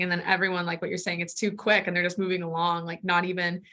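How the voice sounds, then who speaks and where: Quick-talking woman panelist. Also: lowish voice, flat delivery, fairly bright tone. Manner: quick, lots of "like".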